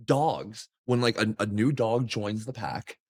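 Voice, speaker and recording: A man's voice: measured pace, a little mellow. A man co-hosting a casual podcast chat, rambling with lots of fillers and casual swearing. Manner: rambling, filler-heavy, acts out quotes in sudden high voices. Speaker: podcast co-host.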